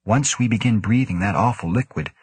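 A man's voice: lowish voice, a little fast, husky, no room sound. Man doing a formal, clipped woman scientist. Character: tense, precise female neurophysiologist.

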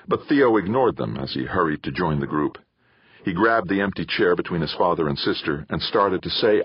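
A man narrating an audiobook in an expressive, measured way. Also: rumbling low, slightly rough, no room sound, lo-fi sound. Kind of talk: scripted narration.

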